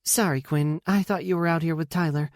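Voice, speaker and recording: A man voicing a hurried, flustered woman, the hero's sister, in an audiobook. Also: low-pitched, steady tone, a little mellow, no echo, clean studio sound, voice pushed up, lightly acted. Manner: hurried, startled.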